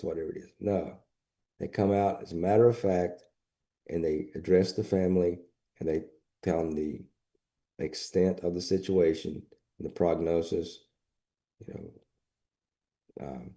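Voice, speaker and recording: A man's voice: low-pitched, mellow. A man teaching a lecture to graduate students, plain and matter-of-fact, repeating his points. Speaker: instructor. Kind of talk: recorded lecture.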